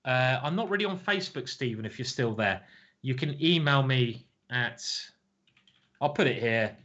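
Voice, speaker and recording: A man's voice: medium pitch, lively intonation, moderate pace, a bit bright, highs cut off. A man in his forties chatting casually to his live-stream viewers as a chess commentator, rambling and jokey, often chuckling at his own stories. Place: home streaming setup.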